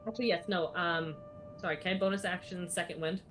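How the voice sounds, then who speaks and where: Player, woman, lowish voice, chatty, talks rules through aloud, music behind. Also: fairly even intonation, fast. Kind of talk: casual tabletop play.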